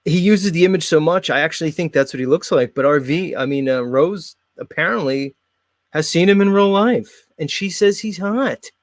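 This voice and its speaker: A man's voice: on the high side, normal speed, no echo. Sarcastic male podcast host. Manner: mocking, sarcastic, blunt. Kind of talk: casual comedic rant.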